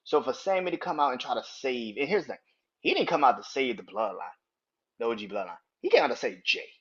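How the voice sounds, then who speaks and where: Animated podcast host, husky man. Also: medium pitch, lo-fi sound. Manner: animated, profane, talks in quick rambling restarts. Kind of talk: casual wrestling review podcast.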